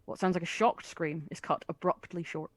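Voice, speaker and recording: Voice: mid-range voice, fairly even intonation, normal speed, no echo. Game master narrating in a dry room. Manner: descriptive and chatty, with frequent fillers and laughter.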